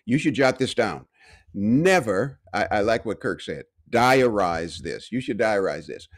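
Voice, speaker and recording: A man's voice: on the low side, sing-song, normal speed. A man giving a short devotional sermon, preaching with emphatic repetition and rising, driving phrases. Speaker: pastor and university speaker.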